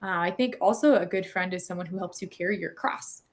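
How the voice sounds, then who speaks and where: Earnest thirtysomething woman guest on a podcast, lots of ums, thinking out loud. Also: on the low side, a little fast. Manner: earnest, thoughtful, frequent fillers and restarts. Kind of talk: conversational interview.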